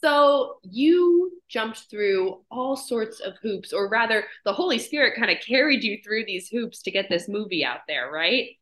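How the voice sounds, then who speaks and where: Bright-voiced woman interviewer. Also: fairly high pitch, sing-song. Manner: affirming, quick to laugh, asks leading questions. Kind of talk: interview chat.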